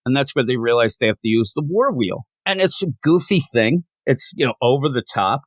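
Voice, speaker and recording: Excitable man recapping a comic. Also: fairly quick, no room sound. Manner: animated, acts out quotes with big pitch jumps. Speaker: comic book reviewer, co-host. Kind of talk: casual review chat, retelling the plot.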